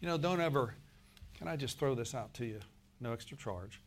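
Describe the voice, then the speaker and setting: A preacher with a mid-range voice talks straight to his congregation in a folksy manner, brisk and expressive. His sermon lurches between emphatic loud bursts and gentle murmured asides.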